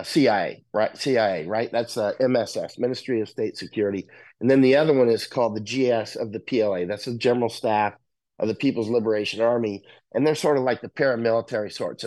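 A man's voice: mid-range voice, darkish tone, rough recording. A man talking casually and explaining at length, often checking in with "right?" and "you know".

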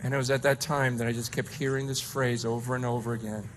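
A middle-aged male pastor preaching a sermon, impassioned, dropping to a hush and rising to shouts. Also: mid-range voice, flat delivery, quick pace, slight background noise. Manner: impassioned, swinging from hushed to shouting.

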